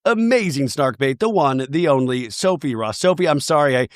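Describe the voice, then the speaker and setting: Man, slightly higher voice, froggy head cold, dry close sound, playful podcast chat. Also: normal speed, no room sound. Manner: animated, laughs often, playful. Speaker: podcast host. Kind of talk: casual pop culture chat.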